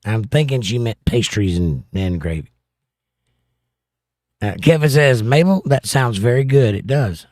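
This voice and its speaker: A man's voice: medium pitch, lively intonation, unhurried, pauses often, a little mellow, no room sound, clean studio sound. A middle-aged American man hosting a casual livestream, reading viewer comments aloud with playful, combative banter. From United States. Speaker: livestream host.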